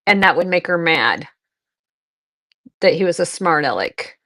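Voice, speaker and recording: A middle-aged woman with a slightly low voice hosts a live selling stream. She chats casually and rambles through long personal stories. She keeps circling back to address her viewers directly. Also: animated, moderate pace, long pauses, sharp tone. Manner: rambling anecdotes, restarts and fillers, talks to viewers. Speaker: live-stream seller host.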